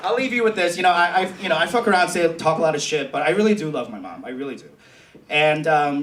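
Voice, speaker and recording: A man doing a stand-up comedy set in a club, animated, often jumping into high squeals and low mock voices. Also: fast talker. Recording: echoey club, mic at a distance, crowd noise. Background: laughing crowd.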